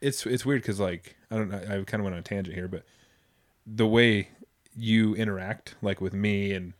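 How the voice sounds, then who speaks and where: This podcast host from the Boise area of the United States has a fairly low, steady voice at a normal speed. His casual chat rambles loosely, with swearing tossed in as he goes.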